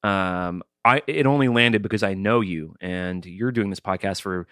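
A man in his forties co-hosts a podcast, working through ideas carefully and restarting his sentences. His voice sits fairly low. The sound is close and dry. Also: normal speed, fairly bright tone, no echo. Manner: thoughtful, reasoning aloud with restarts. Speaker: podcast co-host. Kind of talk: casual podcast discussion.

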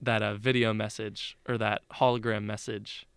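Bright, crisp-voiced young man rambling. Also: on the low side, level tone, moderate pace, dry recording, clean studio sound. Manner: rambling, filler-heavy retelling with restarts. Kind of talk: casual chat.

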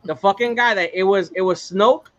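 Brief: man, slightly high voice, halting and profane, muffled lo-fi sound. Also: fairly bright tone, slight background noise. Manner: halting, heavy swearing. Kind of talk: casual chat.

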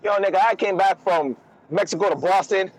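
A man's voice: high-pitched, a little fast, poor audio. A man co-hosting a casual podcast, telling stories in a blunt, profane, emphatic way. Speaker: podcast co-host. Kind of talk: casual heated chat.

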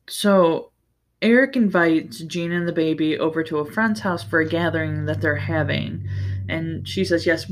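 A woman hosting a podcast, giving a casual, rambling book recap with plenty of fillers, restarts and the odd swear word. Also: low-pitched. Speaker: podcast host.

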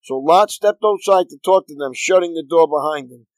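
A pastor reading scripture aloud in a steady, earnest manner. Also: male voice, on the high side, normal speed, no echo, low-quality recording.

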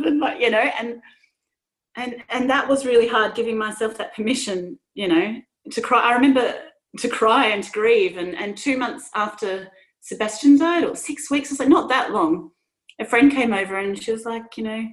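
A woman's voice: medium pitch, moderate pace. A woman in her thirties speaking earnestly and emotionally about her own experiences, with many restarts. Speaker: podcast guest. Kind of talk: personal conversation.

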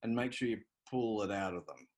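A man, a guest telling stories in a lively, conversational way with repeated words. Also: on the low side, fairly quick. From Australia. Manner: animated storyteller, repeats words. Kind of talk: conversational interview.

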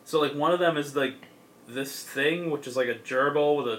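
A man's voice: fairly high pitch, moderate pace, fairly bright tone, a little hiss or hum. A young man in a casual chat, rambling through a comic's plot with lots of fillers and laughs. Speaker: podcast co-host.

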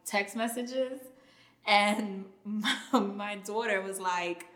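A woman's voice: mid-range voice, takes it slowly, a bit bright. A woman hosting a podcast, chatting casually and frankly and laughing often as she interviews her guests. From New York. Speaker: podcast host. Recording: echoey room.

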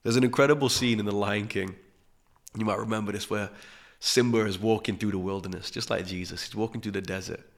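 Man, low gravelly voice, calm reflective spiritual teacher, soft hushed emphasis. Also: fairly quick. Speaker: podcast host.

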